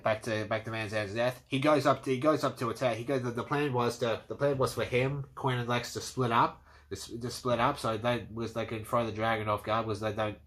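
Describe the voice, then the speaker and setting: A man giving an excitable, casual movie review, swearing freely and acting out scenes. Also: mid-range voice. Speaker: movie commentator.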